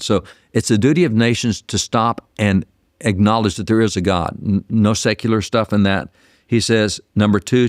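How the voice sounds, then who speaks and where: Brief: guest historian, man, lower voice, dry close sound, animated storyteller who restarts phrases. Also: dry recording. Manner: animated, repeats words when starting sentences. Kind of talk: interview storytelling.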